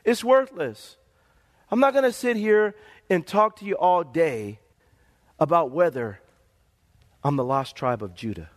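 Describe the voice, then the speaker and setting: High-voiced animated preacher man. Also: a little slow, long pauses. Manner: animated storytelling preacher, calls for amens. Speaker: pastor. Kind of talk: sermon.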